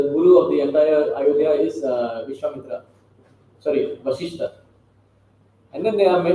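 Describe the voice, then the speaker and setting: A man's voice: fairly high pitch, dark tone. A man giving a scripture lecture in a conversational way, often checking with listeners through rhetorical questions. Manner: conversational, keeps asking the audience rhetorical questions. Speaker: scripture class speaker. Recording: very echoey room with faint noise.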